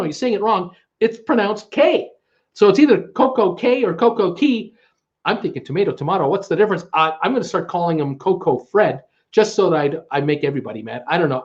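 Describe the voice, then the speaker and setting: A man's voice: high voice, muffled recording. A man with a Canadian accent hosting a live stream, greeting viewers and reading their comments aloud, chatty and stumbling over names. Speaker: livestream host.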